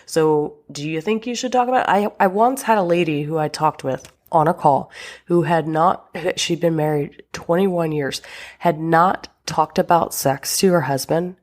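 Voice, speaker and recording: A woman's voice: low-pitched, normal speed. A young woman hosting her own talk show as a relationship coach, chatting casually and with exasperation, swearing and laughing, with a sinus infection. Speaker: podcast host and relationship coach. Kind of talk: casual solo podcast talk.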